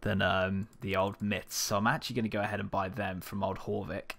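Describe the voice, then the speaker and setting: A man's voice: fairly low pitch, fairly quick, vocal fry. A man giving casual, sweary commentary while playing a game on his channel. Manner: swearing, excitable, talks to game characters. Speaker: gaming channel host.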